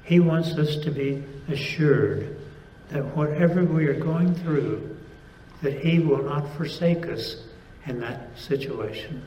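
A man preaching a sermon, speaking deliberately with pauses and emphatic stresses. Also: a little high, reverberant, dull audio, a little hiss or hum.

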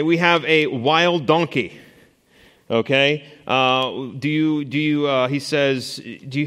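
A man's voice: mid-range voice, a bit bright. Guy teaching a bible study in a big echoey hall, chatty, lots of ums and restarts, quizzes the class. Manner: conversational, asks the class questions, many fillers and restarts. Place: classroom or church hall with a board. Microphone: stationary mic he moves away from while walking.

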